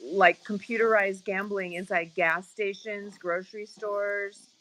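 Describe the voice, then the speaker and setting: A woman's voice: medium pitch, steady tone, unhurried, a bit bright, rough recording. A woman with a mid-range voice chats casually on a live stream. She chimes in with short, friendly remarks and curious questions while her co-host does most of the talking.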